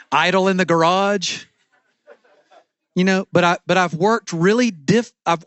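A man's voice: on the high side, dry recording. A middle-aged man preaching a sermon as pastor from a church stage, with an emphatic, repetitive cadence.

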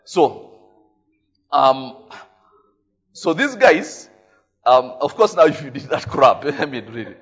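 A man with a Ugandan English accent preaching a sermon, telling stories in a lively way, tagging his lines with "eh?" and laughing often. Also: mid-range voice, slow, long pauses, husky, highs cut off. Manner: animated storytelling, frequent "eh?" tags, laughing often. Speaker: pastor.

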